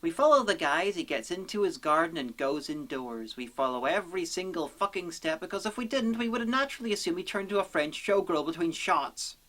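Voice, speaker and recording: Brief: a deadpan, profane woman narrating a comedic film review, slightly low-pitched. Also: brisk, few pauses.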